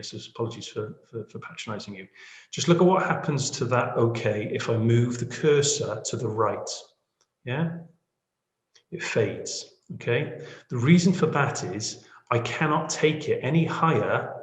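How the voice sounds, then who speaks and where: A man, teaching audio editing in a chatty, self-deprecating way and often checking in with the listener. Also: medium pitch. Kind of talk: screen-share editing tutorial. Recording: echoey room.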